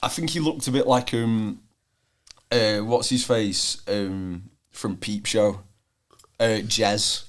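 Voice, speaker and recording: A man's voice: on the low side, steady tone, slow pace. A young man, co-hosting a student podcast and telling a long rambling story full of fillers and restarts. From England. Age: young adult. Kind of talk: casual chat. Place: room, seated on the floor.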